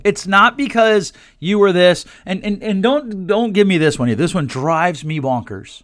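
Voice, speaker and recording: A man's voice: on the high side, brisk, few pauses, fairly bright tone, no echo, clean studio sound. A man in his forties hosting a solo podcast, talking bluntly and animatedly, quoting people in put-on voices. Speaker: podcast host.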